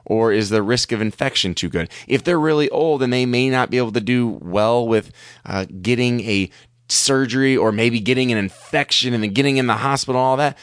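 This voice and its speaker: A man's voice: medium pitch, a little fast, smooth, no echo, studio quality. A man hosting a medical podcast, talking through research papers in a conversational, wry and skeptical way. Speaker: podcast host. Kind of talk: casual medical podcast commentary.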